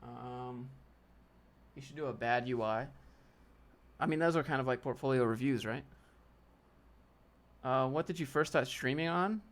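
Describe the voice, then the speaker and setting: At a measured pace with frequent pauses, this host talks in a mid-range voice. His casual live Q&A stream comes from a desk setup with a DSLR camera, where he bluntly handles chat questions and critiques a viewer's portfolio using slang like "fam" and "dude."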